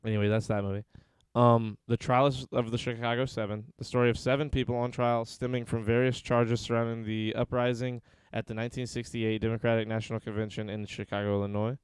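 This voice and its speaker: A man's voice: medium pitch, level tone, fast, few pauses, smooth, no echo. A man co-hosting a casual podcast, reading film synopses aloud with dry, sarcastic asides between them. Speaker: podcast co-host.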